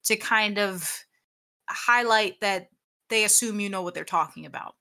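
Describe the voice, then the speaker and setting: A young woman in casual chat, talking about streaming with clear diction and animated, exasperated rants. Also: medium pitch, a little slow. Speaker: aspiring streamer.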